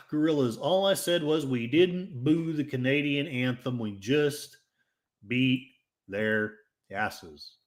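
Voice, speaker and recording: A man's voice: medium pitch, slow. A man with an Oklahoma accent hosting a casual livestream, reading chat comments in a rambling, jokey and self-mocking way. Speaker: livestream host.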